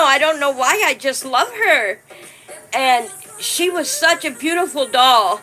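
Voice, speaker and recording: High, bright-voiced woman chatting slowly. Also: expressive, soft background music, poor audio. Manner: chatty, thanks viewers by name, warmly fond of her dolls. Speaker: live stream host. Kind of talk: casual live stream chat.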